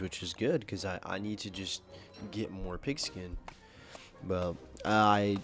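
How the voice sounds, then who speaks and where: A young man with a fairly low voice rambles through his gameplay commentary. He talks loosely and swears a lot, full of fillers and restarts. Faint music plays behind him. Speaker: gaming video creator. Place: home, at his computer.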